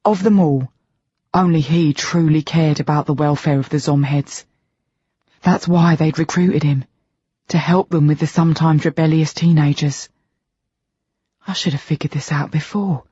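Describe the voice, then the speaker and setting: An audiobook narrator reading a first-person novel in a steady storytelling manner. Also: mid-range voice, moderate pace, pauses often, breathy edge, no echo. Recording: dull lo-fi recording, dry.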